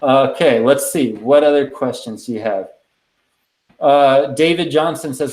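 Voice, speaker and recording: A man's voice: medium pitch, unhurried. A man chats through a live stream Q&A, answering viewers in a loose, rambling way full of ums. His voice sits in the middle range and carries a noticeable room echo. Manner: relaxed, rambling, many ums. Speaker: channel host answering live questions. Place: indoors at a computer.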